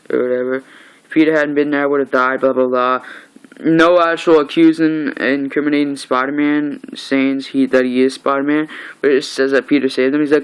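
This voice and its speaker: A young man chats through a comic book recap in a casual home vlog. He rambles, restarts and retells scenes with "he's like." His voice is clear and smooth, sitting at a middle pitch. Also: little pitch movement, fairly quick, rough recording.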